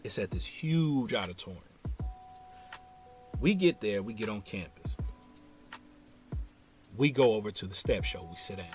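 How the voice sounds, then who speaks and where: A man's voice: on the low side, expressive, unhurried, long pauses, soft background music. A man from Ohio hosting a podcast, telling a story in a casual, slangy way and talking straight to his listeners. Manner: laid-back, slangy, talks straight to listeners. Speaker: podcast host.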